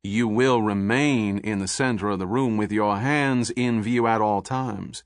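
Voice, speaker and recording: A man doing a smooth Southern federal agent. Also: fairly low pitch, a little slow, no room sound, clean studio sound. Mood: cool. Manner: smooth, pleasant, coolly polite. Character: suave, icy male federal agent.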